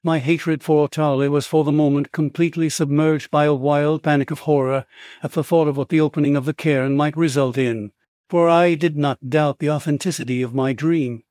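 Man narrating a dark tale, dry close sound. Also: on the high side, fairly even intonation, dry recording. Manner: dramatic, measured storytelling. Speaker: audiobook narrator. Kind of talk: scripted first-person horror narration.

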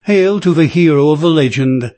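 Storybook figure: loud, proclaiming warrior chieftain, read by the male narrator. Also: a little high, takes it slowly, dry recording. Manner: proclaiming, shouting.

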